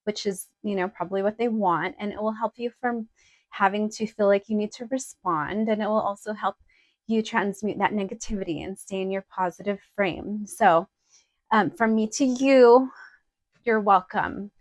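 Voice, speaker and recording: A woman's voice: mid-range voice, moderate pace, no echo. A young woman chatting casually through a clothing try-on, direct and full of fillers. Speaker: vlogger. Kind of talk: casual try-on haul chat.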